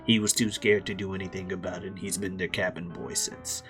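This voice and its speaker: A man's voice: low voice, level tone, a little fast, music in the background. A man casually retelling a story in a rambling, profane way as host. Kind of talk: casual comedic story recap.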